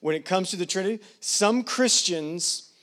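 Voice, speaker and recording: A man's voice: sits high, moderate pace, fairly bright tone. A man preaching a sermon as pastor, talking casually with digressions and leaning hard on statistics. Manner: conversational, digressing, emphatic on numbers.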